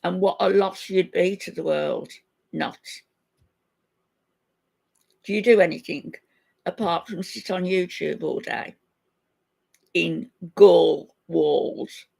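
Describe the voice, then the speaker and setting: Gravelly older woman scolding viewers. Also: lowish voice, normal speed, darkish tone. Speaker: livestream host. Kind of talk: casual livestream chat.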